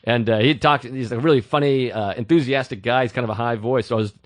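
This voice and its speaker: A man's voice: medium pitch, quick pace, dry recording, clean studio sound. A man co-hosting a podcast in casual chat, a crude, joking storyteller who acts out what other people said. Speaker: podcast co-host. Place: podcast studio.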